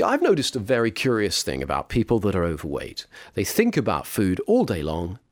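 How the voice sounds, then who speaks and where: A man's voice: lowish voice, no room sound, clean studio sound. A man coaching on weight loss, talking in a direct, emphatic way. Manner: emphatic, direct, with mocking impressions of others. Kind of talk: motivational instruction to camera.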